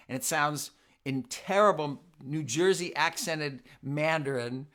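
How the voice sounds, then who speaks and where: A man's voice: mid-range voice, a little slow, fairly bright tone. A man hosting a live family concert from home, playfully coaxing listeners to repeat greetings with him. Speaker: children's singer and concert host. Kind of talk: live family sing-along concert chat. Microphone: home live stream.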